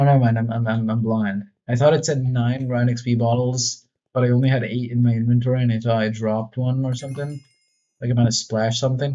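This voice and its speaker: A man chats loosely over his gameplay, joking and mocking his own skills as he goes. His voice sits at an ordinary middle pitch. The sound is a bit dull and lo-fi. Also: mellow. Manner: joking, self-mocking, rambling. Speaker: gaming video creator. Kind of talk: casual gameplay commentary.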